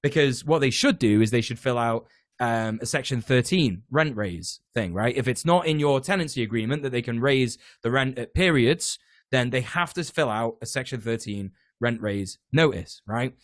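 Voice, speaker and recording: A British man talks in an easy, sprawling way, stumbling over restarts and throwing in the occasional swear word. His voice sits at an ordinary pitch, and the recording is dry with no room sound. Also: animated, normal speed, fairly bright tone, dry recording. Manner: rambling, many fillers and restarts, swears. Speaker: podcast guest, tenants union organizer. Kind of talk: casual political chat.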